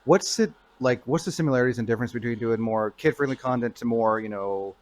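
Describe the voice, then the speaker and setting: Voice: medium pitch, quick pace, darkish tone. An interviewer asking loose, rambling questions in a casual convention interview.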